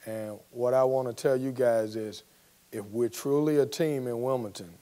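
A college basketball coach giving a storytelling speech to a business audience and acting out the quotes. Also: male voice, medium pitch, normal speed. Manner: storytelling, animated, acts out quotes.

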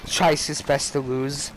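A young man hosting a gaming video, yelling profane trash talk and laughing at his friend. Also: fairly high pitch, a little hiss or hum, rough recording. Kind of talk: casual gaming commentary.

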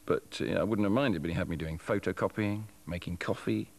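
A man telling a comic anecdote in a deadpan way. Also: low-pitched, a little fast. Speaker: interviewee.

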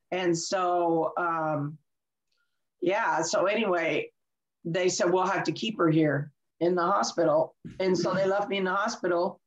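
A woman's voice: medium pitch, lo-fi sound. A woman, an interview guest, telling a candid personal story, laughing often and acting out dialogue. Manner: animated, laughs often, acts out quoted dialogue.

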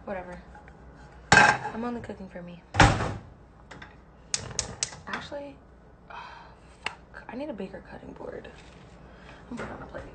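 A woman's voice: mid-range voice, expressive, measured pace, pauses often, very noisy. A young woman talking bluntly and with heavy swearing while she cooks in her home kitchen on a phone livestream. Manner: blunt, profane, ranting. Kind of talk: casual livestream chat while cooking.

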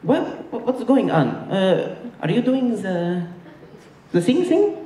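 Brief: man putting on a high, shrill Egyptian mother, scolding and overdramatic, broken English, echoey stage mic heard from far off. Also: big pitch swings, slow, warm tone, a little hiss or hum, exaggerated voice. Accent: Egyptian-style broken English, put on. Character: overbearing dramatic Egyptian mother, middle-aged woman. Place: comedy stage with a live audience.

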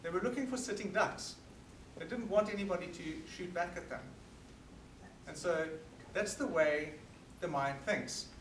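A South African man giving an earnest, forceful talk to an audience at an evening meeting. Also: high-pitched, moderate pace, slight background noise. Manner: earnest and forceful, emphatic repetition. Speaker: guest speaker. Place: meeting hall. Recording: roomy hall recorded from a distance.

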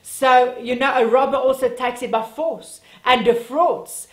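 A woman's voice: sits high, steady tone, unhurried, echoey room. A woman preaching an earnest, emphatic sermon in church.

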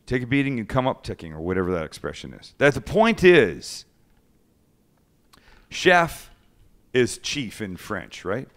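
A man in the middle of a casual chat, spinning a story with plenty of swearing. His pitch rises and falls a lot as he acts out each person he quotes. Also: big pitch swings, unhurried, pauses often. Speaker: host.

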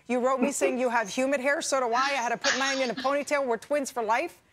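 A woman's voice: high-pitched, steady tone, brisk, hardly any pauses, background noise. A woman hosting a morning TV show, chatting playfully and gushing praise at her guest. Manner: warm, gushing, playful banter. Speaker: morning TV host. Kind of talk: casual chat.

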